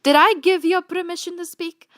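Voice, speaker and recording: A woman's voice: extremely high pitch, fairly even intonation, normal speed, no room sound, studio quality, voice pushed up. A woman voicing a bossy, commanding female pony princess who gives stern, teasing orders.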